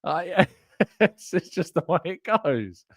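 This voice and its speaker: A man's voice: sits high, very animated, takes it slowly, fairly bright tone, dry recording, studio quality. A man hosting a live fan show, chatting loosely and laughing as he reads out viewer comments. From England. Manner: chatty, rambling, laughs often. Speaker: podcast host. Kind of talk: live-stream chat, reading viewer comments.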